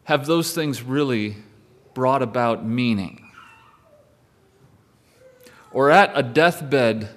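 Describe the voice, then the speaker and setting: A man's voice: medium pitch, lively intonation, drawn-out words, long pauses, a bit bright. Guy preaching a sermon, takes his time, chatty and a bit wry. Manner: conversational preaching with wry asides. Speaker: pastor.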